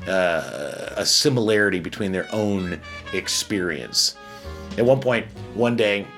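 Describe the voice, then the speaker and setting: A Chicago man who manages security at a casino hotel tells a casual story bluntly and profanely, often restarting his sentences. His voice is on the low side and a bit bright.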